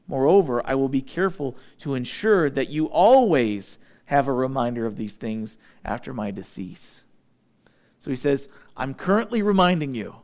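A man delivers a sermon in a fairly high voice. He preaches with animation, acting out other people's voices and sinking into a low, intense hush to make a point. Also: big pitch swings, moderate pace. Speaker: pastor.

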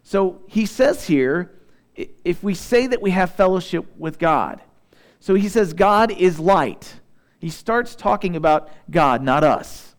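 In a somewhat high voice, a male pastor delivers a sermon, reading scripture at a measured, unhurried pace. Between passages he relaxes into casual remarks to the congregation. He comes from Southeast Missouri.

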